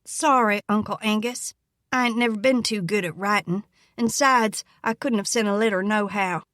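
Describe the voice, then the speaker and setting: A woman's voice: medium pitch, normal speed, fairly bright tone, no room sound, studio quality, close to an everyday voice. A woman voicing a young woman disguised as a scruffy boy, talking in jaunty rural slang. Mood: cocky.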